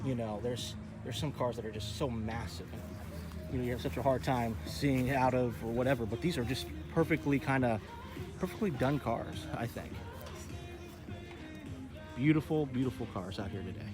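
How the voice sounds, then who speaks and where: A man's voice: medium pitch, normal speed, music in the background. A man hosting a casual walkaround of an outdoor car show, chatty and enthusiastic, talking straight to his viewers. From Texas. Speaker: host.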